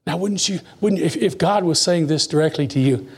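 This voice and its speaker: A preacher with a fairly high, breathy-edged voice swings between emphatic lines and near-whispered asides in his sermon. When reading scripture, he goes slowly and deliberately.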